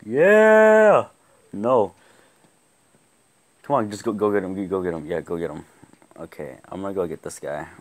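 A young man giving live gameplay commentary, excitable, often laughing and yelling at the game. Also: low-pitched, quick pace. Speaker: gaming YouTuber.

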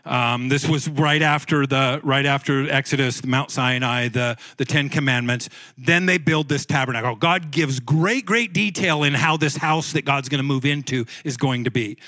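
A man's voice: mid-range voice, normal speed, bright, forceful tone, no echo. A male pastor preaching a conversational sermon, often repeating words and restarting phrases. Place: church sanctuary.

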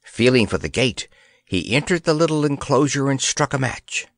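A man's voice: mid-range voice, lively intonation, normal speed, no echo. A man reading a children's fantasy story aloud as an audiobook narrator, telling it expressively.

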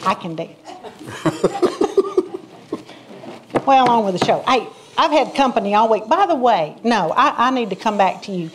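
A woman's voice: fairly high pitch, animated, slight background noise. Nadine, a sassy church lady. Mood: teasing. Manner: chatty, teasing, quick to laugh at her own jokes. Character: sassy gossipy churchgoing Southern country woman. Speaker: comedy character visiting a diner show. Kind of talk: comic banter on a talk show.

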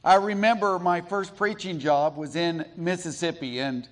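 A middle-aged man from Colorado preaching a sermon in a church, telling stories slowly and deliberately with pauses. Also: fairly high pitch. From Colorado, USA. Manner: storytelling, slow and deliberate with pauses. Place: church sanctuary.

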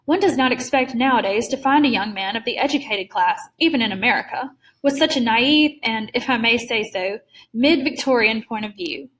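A woman's voice: fairly high pitch, moderate pace, a bit bright, natural voice, rough recording. Woman reading as a suave, cruel aristocrat. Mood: condescending. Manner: smooth, genteel and mocking. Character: suave, cruel older male aristocrat hunter.

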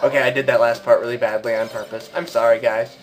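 A man's voice: medium pitch, flat delivery, fast talker, soft background music. A man giving rambling gameplay commentary as a let's play host, mumbling at times and bursting out angrily at others. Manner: rambling, swings between mumbling and angry outbursts.

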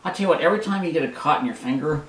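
Rambling man in an echoey kitchen. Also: fairly high pitch. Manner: frustrated, rambling, halting with many fillers. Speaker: vlogger. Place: home kitchen. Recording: echoey room, mic far off, loud kitchen noise. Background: dishes, pots, pans and drawers clattering.

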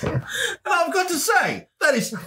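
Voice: very high-pitched, sing-song, measured pace, bright, forceful tone. A player speaking in character in a tabletop game, blunt, argumentative and prone to swearing.

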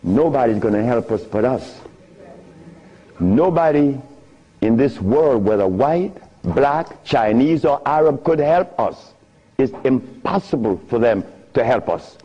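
Older man, husky voice, lively pitch, storytelling talk, muffled old recording. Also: a little slow. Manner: laughing often, swinging pitch up and down. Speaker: speaker giving a talk. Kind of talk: animated storytelling lecture.

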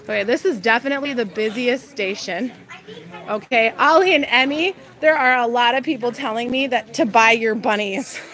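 Chatty woman, slightly high voice, a little breathless, live stream from a busy store. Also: moderate pace, fairly bright tone. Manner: bubbly, chatty, laughs often. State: a bit out of breath. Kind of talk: casual live-stream chat. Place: large store.

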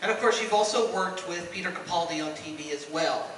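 A man's voice: high-pitched, fairly quick, fairly bright tone, slight background noise. A man moderating a panel, asking questions in a chatty way with self-deprecating asides. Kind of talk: interview questions. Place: convention hall on stage. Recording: echoey hall from far off.

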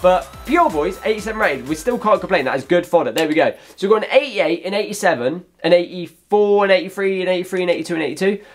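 A young man commentating on his own gameplay, talking to viewers in an excitable, chatty way and shouting at big moments. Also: high voice, fast, few pauses, faint music behind. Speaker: gaming YouTuber.

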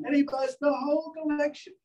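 A high-voiced man lectures a training group, spinning lively, animated stories about beetles. His pitch jumps around a great deal. He is recorded from across an indoor room. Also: distant mic, low-quality recording. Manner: animated storyteller, acts out voices. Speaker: entomologist lecturer.

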